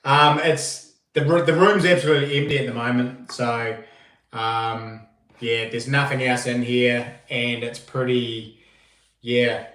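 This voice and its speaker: A New Zealand man hosts a casual livestream, greeting viewers one by one at an unhurried pace. His voice sits a little high and comes from a step back from the mic. The empty room around him gives off a strong echo. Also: flat delivery, fairly bright tone, recorded from a distance. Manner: greets viewers by name, slow and laid-back. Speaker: livestream host. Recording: echoey room, voice a bit off-mic.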